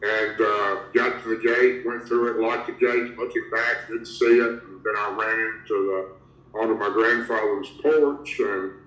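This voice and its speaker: Low-voiced man telling a story. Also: steady tone, unhurried, fairly bright tone. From Tennessee, USA. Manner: rambling, strings events together with "and". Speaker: guest recounting a creature encounter. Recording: roomy, distant from the mic.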